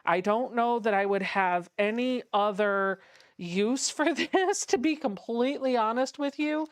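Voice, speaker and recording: This quilting channel host has a mid-range voice with a clean, studio-quality sound and no room noise. She's chatty as she sews on her livestream, reading out comments from viewers and humming small sound effects along the way.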